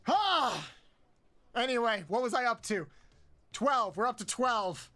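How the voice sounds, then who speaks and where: A man streaming a game, counting aloud, swearing often and yelping high when frustrated. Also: moderate pace, pushed and bright. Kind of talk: casual live-stream chat while playing.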